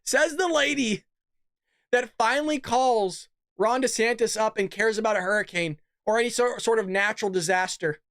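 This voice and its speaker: A man's voice: high voice, normal speed, a bit bright, no echo, studio quality. A man hosting a political commentary podcast, talking in a sarcastic, mocking, chatty way. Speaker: podcast host.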